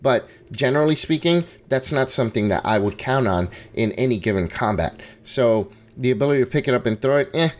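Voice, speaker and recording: A man's voice: medium pitch, animated, brisk, few pauses. A man casually talking through a tabletop game guide, conversational with frequent restarts and asides. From Hispanic background. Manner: conversational, restarts and hedging asides, laughs at himself.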